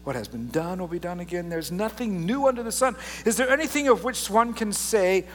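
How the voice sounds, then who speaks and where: A pastor preaching a casual, joking sermon and reading scripture aloud with drama. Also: male voice, high-pitched, animated, fairly quick, few pauses, a bit bright, in a large hall. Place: church sanctuary.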